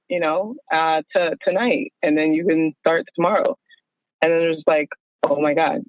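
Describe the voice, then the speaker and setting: A woman guest telling her story on a phone call, animated and acting out the dialogue she quotes. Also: low-pitched, a little slow, dry recording. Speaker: guest, wardrobe stylist. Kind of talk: casual storytelling over the phone. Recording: tinny phone line.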